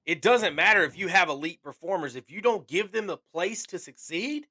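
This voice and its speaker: A man co-hosting a podcast in casual conversation, talking in an animated, emphatic way and repeating phrases for stress. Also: sits high, moderate pace. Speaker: podcast co-host.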